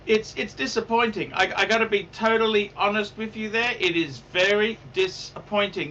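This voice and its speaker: A rambling man hosts a casual livestream, his voice high and strikingly bright. He repeats himself and swears freely. He sits back from the mic, with faint background noise. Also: fairly even intonation, normal speed, few pauses, recorded from a distance, rough recording. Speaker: livestream host.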